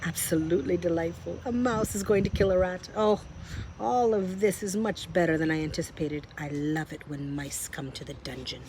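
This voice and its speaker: A cruel male dungeon rat, voiced by a woman in a storybook reading, loud and gloating and mocking. He jeers and cheers for bloodshed with relish. A faint hiss sits under the reading. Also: fairly low pitch, moderate pace, natural voice, poor audio.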